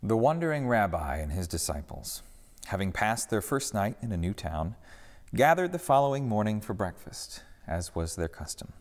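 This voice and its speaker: Lively low-voiced church storyteller, man. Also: normal speed, long reverb tail. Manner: expressive, storytelling. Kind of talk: scripted narration.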